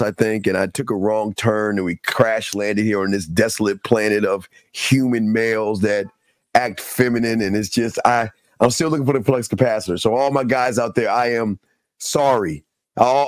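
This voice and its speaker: A man's voice: mid-range voice, no echo. A man from Washington, D.C. hosting a casual podcast chat, joking and playfully provocative. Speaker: podcast host.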